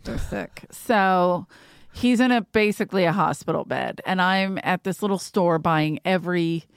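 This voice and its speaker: A woman hosting a podcast in casual chat, telling profane, animated stories and acting out what people said. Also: fairly low pitch, moderate pace, creaky, clean tone, dry recording, clean studio sound. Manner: profane, animated storytelling with acted-out quotes. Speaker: podcast host.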